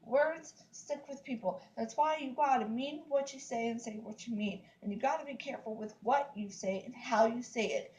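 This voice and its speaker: Lady in her 30s venting on her vlog, kinda high voice, keeps saying like seriously. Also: normal speed, few pauses, darkish tone, low-quality recording. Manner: emphatic, repetitive, fillers like "like, seriously". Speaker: vlogger. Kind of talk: upset casual rant to camera.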